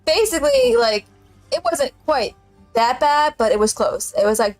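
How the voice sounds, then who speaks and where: Streamer type: woman, slightly high voice, chatty storyteller, dry close sound. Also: lively intonation, normal speed, no room sound, soft background music. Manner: chatty storytelling, laughs often. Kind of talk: casual chat.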